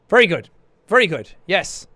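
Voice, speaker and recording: A man hosting a casual livestream, chatting in a jokey, excitable way, with bursts of shouting and laughter. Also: sits high, vocal fry, husky, no room sound. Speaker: livestream host. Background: faint background music.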